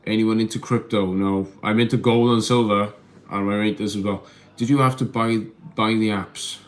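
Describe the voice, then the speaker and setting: A man's voice: lowish voice, steady tone, moderate pace. Rambling man chatting into his phone. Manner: rambling, hesitant, repeats words. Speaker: livestream host reading chat. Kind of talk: casual live-stream chat.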